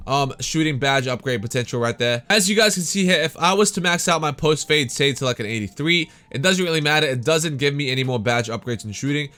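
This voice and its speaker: A man's voice: on the high side, bright, forceful tone. A tired young man hosting a casual gaming tutorial, upbeat and chatty, saying "man" and "guys" often. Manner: hyped, repeats "man" and "guys". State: tired, slightly worn voice. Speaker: gaming YouTuber host.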